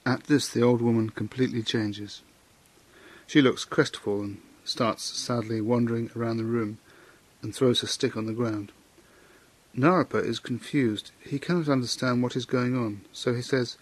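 A man giving a Buddhist Dharma talk, telling a legend in a measured storytelling way and adding moral comments. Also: medium pitch, steady tone. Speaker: Buddhist teacher.

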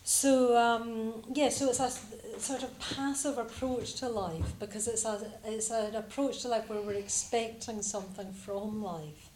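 A woman's voice: fairly high pitch, steady tone, unhurried, few pauses, darkish tone, roomy sound, a little hiss or hum. A woman from Scotland giving a reflective Buddhist talk to a group, hesitant and full of fillers.

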